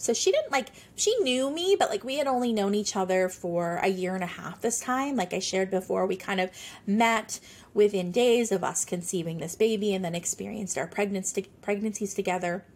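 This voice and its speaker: A woman's voice: mid-range voice, normal speed, a little mellow. A woman in her thirties hosting a podcast, telling a personal story in a chatty, earnest way with many casual fillers. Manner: chatty, earnest, sprinkles talk with "like". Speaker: podcast host.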